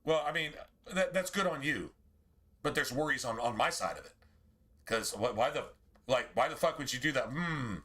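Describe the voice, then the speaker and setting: Streaming a game, this man speaks to his chat in a bright, forceful, medium-pitched voice with lively intonation and a normal pace. It's loose livestream banter, full of rambling and casual profanity aimed straight at viewers.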